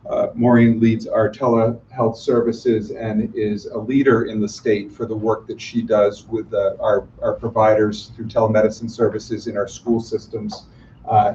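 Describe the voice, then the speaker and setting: A man's voice: fairly low pitch, darkish tone, muffled recording, slight background noise. A man presenting awards at a ceremony, formal but with many hesitations, recorded from a distance. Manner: formal, with frequent filler hesitations. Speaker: hospital executive presenting awards.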